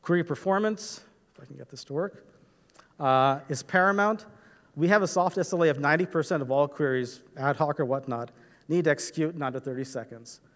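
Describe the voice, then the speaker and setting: A man with a slightly raised voice gives a technical presentation in a large hall, and his words carry a long reverb tail. He explains step by step, often pausing on "uh" and checking in with "right?". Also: fairly high pitch. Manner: explanatory, frequent "right?" and "uh" fillers. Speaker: conference presenter. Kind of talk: technical conference talk.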